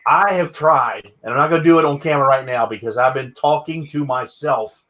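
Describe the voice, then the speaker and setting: Brisk and fairly bright in tone, a medium-pitched man hosts a relaxed video-call interview. He loves doing impressions, wanders loosely in his talk and repeats his words.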